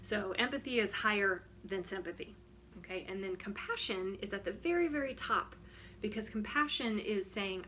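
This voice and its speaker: A frank, emphatic woman with a bright, forward voice, talking casually to the camera as a wellness coach. She keeps checking in with "right?", and a faint hum sits under the recording. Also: medium pitch, moderate pace. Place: home studio.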